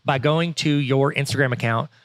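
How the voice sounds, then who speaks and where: A man co-hosting a podcast in excitable, jokey casual chat. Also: mid-range voice, no room sound, studio quality. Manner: excitable, fast-talking, jokey. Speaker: podcast co-host.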